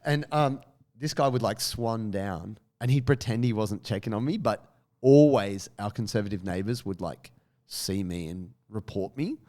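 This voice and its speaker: A man, co-hosting a casual podcast chat and telling lively stories with swearing and laughter. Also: fairly low pitch, moderate pace. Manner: animated storyteller, swears, laughs often. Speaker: podcast co-host.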